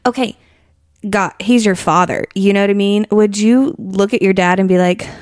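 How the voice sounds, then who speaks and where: A woman's voice: medium pitch, steady tone, moderate pace, darkish tone, no room sound, studio quality. A young adult woman co-hosting a casual faith podcast, earnest, laughing often and acting out quoted prayers. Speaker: podcast co-host.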